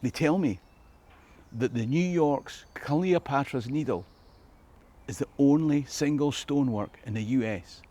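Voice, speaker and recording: A man's voice: mid-range voice, unhurried, mellow. A man with a Scottish accent, a history tour guide narrating in a reflective tone with rhetorical questions. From Scotland. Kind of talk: scripted documentary narration.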